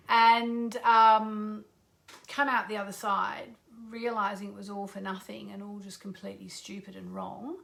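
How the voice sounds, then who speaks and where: A woman's voice: mid-range voice, sharp tone. A middle-aged woman astrologer hosting a live stream, chatting casually, joking about herself and greeting viewers by name. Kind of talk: casual livestream chat.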